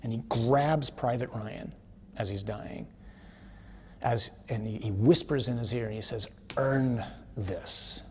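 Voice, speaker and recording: Guy preaching like he's just chatting, medium-pitched, throws in "huh?" and "okay?", then ramps up hard. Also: measured pace, slight background noise. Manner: casual and storytelling, with tag questions like "huh?" and "okay?"; builds to forceful emphasis. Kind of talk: conversational teaching sermon.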